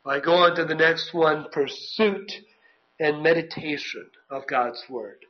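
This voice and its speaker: A male preacher with a high voice delivers a sermon at an unhurried pace, earnest and plainspoken. The recording sounds dull and lo-fi. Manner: earnest, reads scripture aloud, self-corrects.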